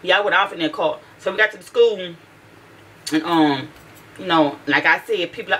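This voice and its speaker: A woman's voice: fairly low pitch, normal speed, bright, forceful tone, low-quality recording. A mother telling a heated, profane story about her teenage daughter in a casual vlog, with lots of restarts.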